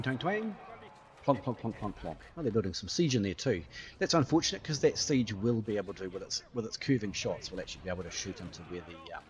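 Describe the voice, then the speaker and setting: Commenting live on his own gameplay, this male gaming YouTuber is talkative and playful, adding small sound effects as he goes. He keeps a lively delivery with wide swings in pitch.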